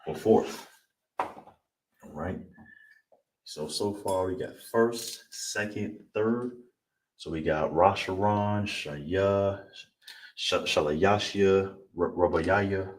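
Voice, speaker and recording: Deep slow-talking man teaching a class. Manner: slow, drilling syllable by syllable, repeating words. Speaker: language teacher. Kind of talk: livestreamed language class. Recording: distant mic with clear background noise.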